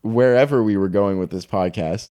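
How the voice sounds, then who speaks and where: A young man co-hosting a podcast, talking in excitable, quick bursts and calling his friend dude and bro. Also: on the low side, clear, resonant tone. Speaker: podcast co-host. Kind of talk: casual chat.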